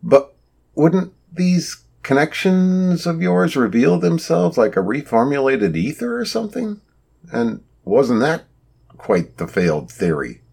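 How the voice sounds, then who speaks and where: Man putting on a sarcastic high-voiced team member. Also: sing-song, gravelly, a little mellow, husky, exaggerated voice. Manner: sarcastic, drawn-out.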